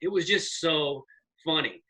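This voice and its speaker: A man in his forties, a comedian guest telling rambling, animated stories in casual podcast chat. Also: fairly high pitch, a little slow, rough recording. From American South. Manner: rambling, animated storyteller with profanity.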